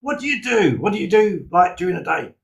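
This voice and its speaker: A man's voice: high voice, very animated, brisk, vocal fry, fairly bright tone. A man in his sixties hosting a casual chat show, teasing his guest with jokey banter. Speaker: host.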